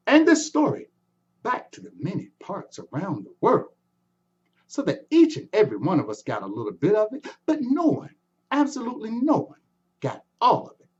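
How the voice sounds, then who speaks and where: A man telling a folktale in an animated way, adding sound effects and inviting the audience to join in. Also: on the high side, husky, muffled recording. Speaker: storyteller. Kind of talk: folktale storytelling performance.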